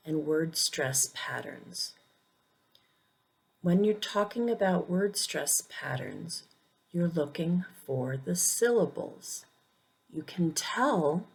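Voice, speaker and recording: A woman's voice: lowish voice, breathy edge. A woman teaching English pronunciation, speaking carefully and repeating each word for learners to copy. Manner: careful, deliberate, repeats words for drilling. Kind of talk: slow, clear pronunciation lesson.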